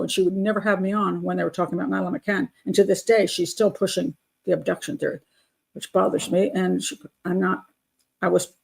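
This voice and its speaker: A woman's voice: medium pitch, creaky. An older woman hosting a live chat show, blunt and opinionated, laughing often as she reads out viewer comments.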